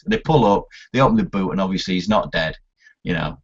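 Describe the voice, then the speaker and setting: A man, talking casually and with real excitement about films. His voice is low and husky, and he swears freely as he acts out scenes. The recording sounds dull and lo-fi. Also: fast talker. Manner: animated, swears a lot, acts out film scenes. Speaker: podcast co-host. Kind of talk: casual film chat.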